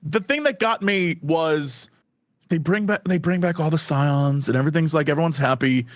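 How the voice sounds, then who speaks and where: A man with a high speaking voice talks as a podcast guest, animated and excitable, often breaking into laughter. His voice is recorded dry and close, with almost no room sound. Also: moderate pace, dry recording. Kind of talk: casual podcast chat.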